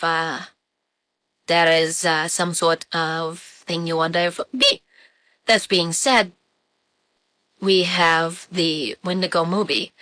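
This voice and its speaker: Picture a comic announcer who mangles her English, as a woman puts her on. She talks slowly and haltingly, with many "uh"s, in a bright, lower-pitched voice. The sound is close and dry. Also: dry recording. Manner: halting, jumbled phrasing with many "uh"s. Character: comic woman speaking in jumbled broken English.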